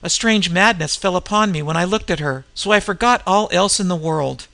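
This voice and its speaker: A man's voice: high-pitched, moderate pace, creaky, bright, forceful tone, full character voice. A man reading aloud, voicing a dazed, half-frozen barbarian warrior who speaks grimly. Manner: grim and dazed. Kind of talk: audiobook reading.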